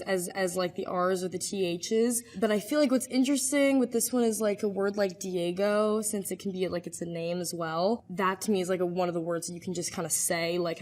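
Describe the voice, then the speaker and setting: A woman's voice: on the low side, darkish tone. Woman in a casual clip, loose and chatty, thinking aloud as she explains. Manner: chatty, hedging with "like" and "I feel like". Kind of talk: casual explanation from a video segment.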